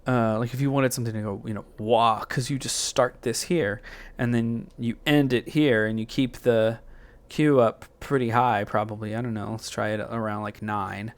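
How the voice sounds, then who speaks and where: A man hosting a music software tutorial, thinking aloud in a loose, rambling way with plenty of fillers and self-corrections. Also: medium pitch, steady tone, moderate pace, hardly any pauses.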